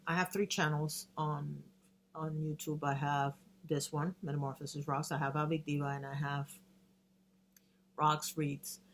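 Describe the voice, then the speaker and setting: A woman in her fifties talking earnestly to the camera in a personal vlog, with frequent restarts and emotional moments. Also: deep voice. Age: 50s. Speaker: vlogger.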